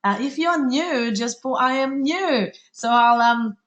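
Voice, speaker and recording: A woman from Italy with an Italian accent, hosting a live webinar in a fast, bubbly, chatty way with many fillers. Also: high-pitched, animated, fairly bright tone, highs cut off. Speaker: webinar host.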